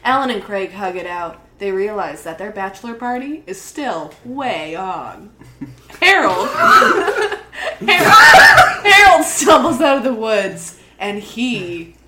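A woman narrating an improvised comedy scene in a brisk, deadpan storytelling manner. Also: mid-range voice, echoey room, a little hiss or hum.

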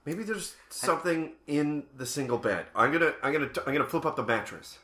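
A man improvising in a tabletop role-play game, exasperated and yelling in bursts. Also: fairly high pitch, lively intonation, brisk, reverberant. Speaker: player.

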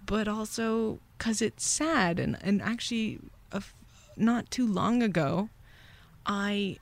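A young adult woman hosting a podcast, telling a confessional story in a candid, rueful way. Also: medium pitch. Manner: candid, rueful, acts out voices in quick whispers and shouts. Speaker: podcast host.

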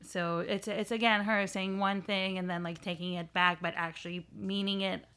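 A woman's voice: medium pitch, little pitch movement, normal speed, a bit bright, clear, resonant tone. A woman, a TV critic and comedian, giving her view of an episode in casual chat and searching for words as she thinks. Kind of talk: casual TV discussion.

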